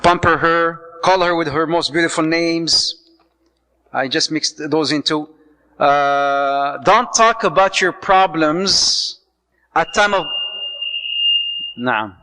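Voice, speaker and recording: A man giving a lively sermon on marriage as a preacher, telling stories, acting out the people in them and mixing in Arabic phrases. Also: on the high side, takes it slowly, pauses often, big-room sound, low-quality recording. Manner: lively storytelling, acts out quoted voices, mixes in Arabic phrases.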